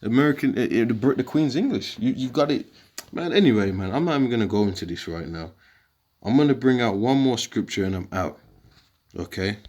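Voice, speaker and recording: A man's voice: mid-range voice, animated, brisk, darkish tone, lo-fi sound. A man giving an informal scripture lesson, rambling and combative, dropping slang asides as he works through the words on his screen. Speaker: video teacher.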